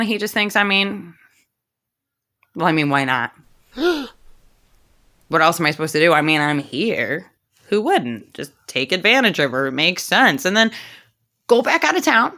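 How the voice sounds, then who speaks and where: A woman's voice: lowish voice, pushed and bright. Sassy slangy woman storyteller. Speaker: comedic storyteller. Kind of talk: comic storytelling.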